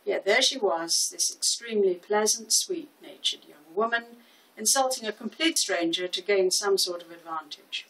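A woman in her seventies narrating a short story in a measured, expressive reading. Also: mid-range voice, distant mic, rough recording. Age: 70s. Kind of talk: audiobook reading.

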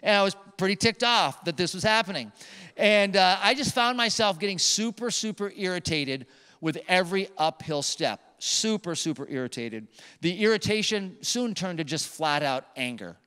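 A male pastor delivers his sermon in an animated storytelling manner, leaning on emphatic repetition. His voice sits high and comes through smooth and resonant. The sound carries a long reverb from a large church sanctuary. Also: moderate pace.

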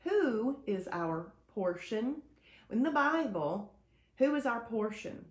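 A woman's voice: fairly high pitch, very animated, slow. A woman hosts a live show, cheerfully greeting viewers by name and mixing in devotional teaching. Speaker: host of a faith-based weight-loss live show. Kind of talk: casual live-stream chat, reading viewer comments. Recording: echoey room.

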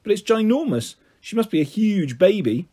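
Man voicing a spiteful little girl, raised pitch, loud and sneering, husky edge, storybook. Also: very animated, moderate pace, heavily acted. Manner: mocking, blunt. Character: bossy, rude young girl, sneering and spiteful.

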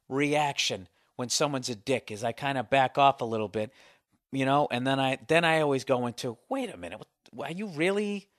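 A man's voice: mid-range voice, a bit bright, no echo, studio quality. A middle-aged man hosting a solo podcast, rambling and swearing through a comedic story. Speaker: podcast host. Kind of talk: casual solo podcast monologue.

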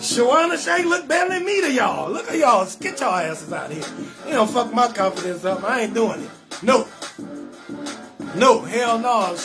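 A man hosting a live comedy call-in show, telling stories loudly and animatedly, acting out both sides of conversations and cutting in with blunt refusals. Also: very high voice. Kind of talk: loud storytelling comedy rant.

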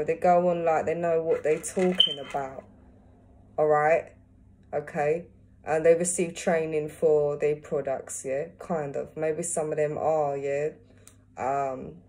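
A woman with a low, mellow voice talks slowly and casually as a beautician giving advice. She ends nearly every phrase with a checking "yeah?" or "okay?" and sometimes turns to ask someone off-camera a question. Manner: asks an unseen helper aside questions.

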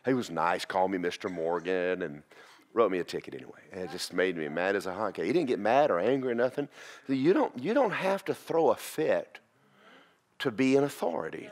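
Male pastor, folksy sermon storyteller, low and lively. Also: brisk. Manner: folksy, animated storytelling with acted voices. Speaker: pastor teaching a church class.

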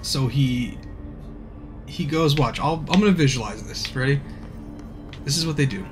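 A man streaming casually, rambling through a profane movie recap and acting out scenes in hushed asides. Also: medium pitch, normal speed, over music.

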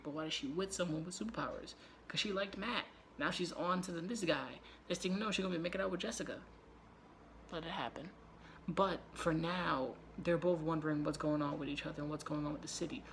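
Male reviewer host: raspy, low-key gravel, excitable swearing rundown. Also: slight background noise. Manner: loose, profane, excitable retelling with quick asides. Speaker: YouTube show reviewer. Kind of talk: casual spoiler recap.

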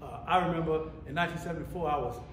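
A man's voice: on the high side, very fast. A male pastor preaching, his delivery rising and falling as he keeps calling out for the congregation to respond. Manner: rising and falling sermon cadence with repeated calls for response. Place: church sanctuary. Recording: echoey church sanctuary, faint room noise.

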